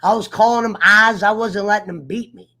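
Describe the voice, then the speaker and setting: A man's voice: high-pitched, brisk, bright, forceful tone. Profane fired-up man telling a story. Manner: profane, fired-up storyteller who mimics others. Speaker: host of an online sports talk show. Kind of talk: casual livestream rant.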